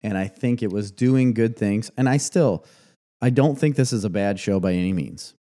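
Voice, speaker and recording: Man, podcast co-host, mellow low voice, joking banter. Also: normal speed. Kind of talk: casual chat.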